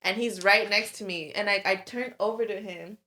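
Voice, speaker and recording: A woman's voice: medium pitch, normal speed, bright, forceful tone. A woman co-hosting a podcast, telling a long story in casual chat with lots of fillers and swearing. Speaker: podcast co-host.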